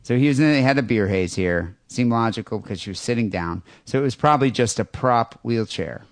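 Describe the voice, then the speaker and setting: A man co-hosting a crude comedy podcast, joking loudly and reading a listener's email aloud with lively asides. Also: mid-range voice, a little fast, no echo. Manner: loud, animated, jokey storytelling. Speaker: podcast co-host.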